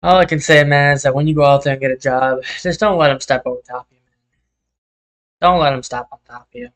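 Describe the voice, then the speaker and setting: A man's voice: a little high, quick pace, a bit bright, rough recording. A young man streaming a game, chatting casually and rambling as he vents, swearing freely. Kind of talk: casual chat while gaming.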